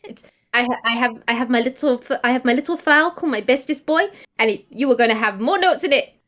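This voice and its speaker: A woman voicing a doting furry toon mother creature who gushes and coos excitedly in role-play. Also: high-pitched, quick pace. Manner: gushing, excitable, baby-talk cooing.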